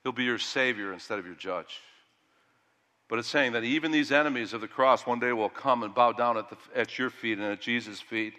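Middle-aged male pastor, bright and forceful delivery, long hall reverb, loud-to-hushed swings. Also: mid-range voice, brisk. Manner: animated preaching that rises loud and drops to hushed. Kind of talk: sermon.

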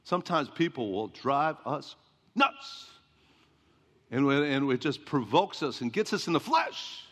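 A man's voice: mid-range voice, sing-song, normal speed, hardly any pauses. Man, pastor, emphatic sermon, repeated refrains, questions to the congregation, long church-hall reverb. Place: church sanctuary.

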